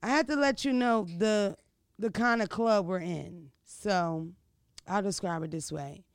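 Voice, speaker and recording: A woman, hosting a podcast and telling stories in a brash, profane, animated way. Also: medium pitch, a little slow, dry recording, studio quality. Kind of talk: casual storytelling chat.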